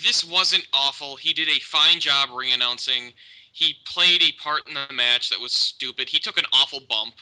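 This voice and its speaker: Argumentative male co-host, mid-pitched, piercingly bright tone. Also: normal speed, rough recording. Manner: teasing, argumentative, profane. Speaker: podcast co-host. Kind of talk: casual wrestling chat.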